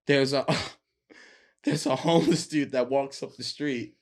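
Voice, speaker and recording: A young man on a podcast as a guest shares a story in relaxed conversation, speaking slowly in a medium pitch. He's animated and keeps laughing, acting out the things his friends said.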